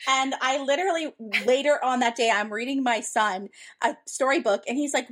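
A woman's voice: high voice, lively intonation, moderate pace, few pauses, fairly bright tone. A woman hosting a podcast in casual chat, talking in a chatty way with frequent laughs and fillers. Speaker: podcast host.

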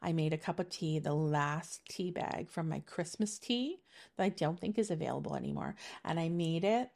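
A woman's voice: on the low side, gravelly, a little mellow. A middle-aged woman giving a casual intuitive energy reading, chatty and meandering with many fillers, laughing easily. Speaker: spiritual reader giving a monthly energy reading.

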